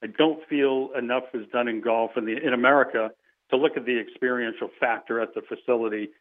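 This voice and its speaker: A man's voice: mid-range voice, fairly even intonation, a little fast. Boston guy calling in over a tinny phone, chatty and emphatic. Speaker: golf business founder, guest. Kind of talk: casual phone-in chat.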